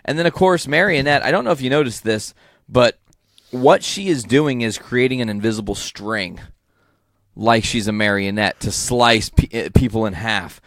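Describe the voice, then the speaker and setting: Enthusiastic podcast co-host. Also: male voice, medium pitch, normal speed, a bit bright, no room sound, clean studio sound. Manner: enthusiastic, profane, rambling. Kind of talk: casual comic book chat.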